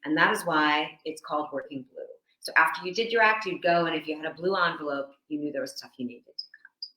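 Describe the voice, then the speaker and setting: Woman host, bright and lively, telling bawdy jokes in a roomy space. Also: deep voice, quick pace. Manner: lively, animated delivery. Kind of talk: telling old dirty jokes, casual chat. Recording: echoey room.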